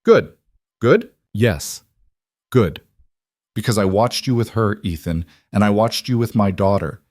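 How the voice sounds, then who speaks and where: A man's voice: lowish voice, unhurried, darkish tone, no echo, clean studio sound, lightly acted. A man voicing a blunt, commanding older grandmother who insists on her points and repeats them. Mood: forceful.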